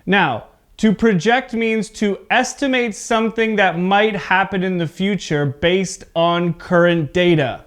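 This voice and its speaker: Slow, clear-voiced male English teacher. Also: high-pitched, a bit bright. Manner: slow, deliberate explaining with frequent "okay?" check-ins; exaggerates word stress in repeated demonstration words. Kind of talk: online pronunciation lesson.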